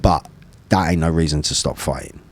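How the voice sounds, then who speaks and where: A man in his forties with a low, deep voice tells a story in a casual podcast chat. He is blunt and animated, swears freely, and sounds close and dry with no room sound. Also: normal speed, no room sound. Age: 40s. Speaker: podcast guest, former bare-knuckle fighter.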